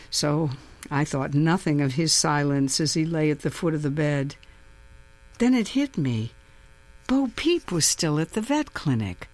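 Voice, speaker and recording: A woman narrates a first-person story as an audiobook. Her delivery is unhurried and deliberate. Her pitch moves widely and expressively, and it tightens as the suspense builds.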